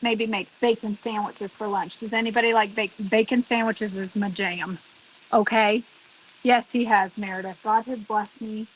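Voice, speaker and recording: While cooking outdoors on her deck, a woman vlogger chats casually and directly with her viewers, exclaiming often. Her medium-pitched voice keeps a fairly even intonation at a moderate pace, with slight noise in the background.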